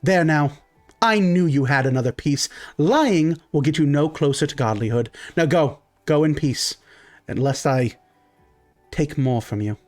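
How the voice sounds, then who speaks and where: A man's voice: fairly high pitch, a little slow, soft background music, close to an everyday voice. A man voicing a tiny, greedy pixie priestess who swindles people with pompous, foul-mouthed talk. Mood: smug.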